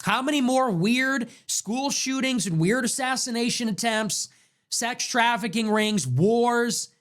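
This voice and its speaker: A man's voice: very high-pitched, a little slow, a bit bright. A young man hosting a political show, delivering a heated monologue full of repeated rhetorical questions. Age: young adult. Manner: ranting, repetitive rhetorical questions.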